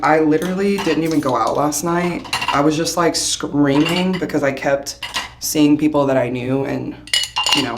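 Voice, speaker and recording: A woman vlogging casually while getting ready in a hotel bathroom, her voice hoarse from shouting, chatty and rambling with frequent laughs. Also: low voice, noisy background. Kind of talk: casual chat to camera.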